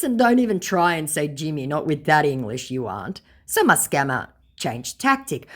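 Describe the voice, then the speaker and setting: Woman, low voice, very lively pitch, sarcastic, blunt, casual commentary. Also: normal speed. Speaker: scam baiter. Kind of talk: casual commentary reading out chat messages.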